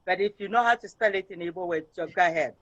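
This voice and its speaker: Man, language teacher, high bright voice, patient syllable drills, lo-fi call audio. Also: fast. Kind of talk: online language lesson.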